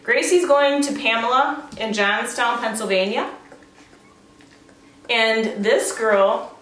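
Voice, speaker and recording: A woman breeder chatting casually as she shows a litter of puppies, often cooing at them in a high baby-talk voice. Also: slow, fairly bright tone, a little hiss or hum. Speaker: dog breeder showing a puppy litter. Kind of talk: casual vlog chat. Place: indoor room with the puppies. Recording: roomy, distant camera sound.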